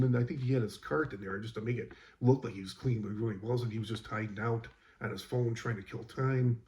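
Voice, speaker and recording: Mellow-voiced man telling a work story. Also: medium pitch, fairly even intonation, fairly quick, hardly any pauses, a little hiss or hum. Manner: rambling, exasperated recounting with many fillers. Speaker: school custodian. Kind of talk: casual storytelling.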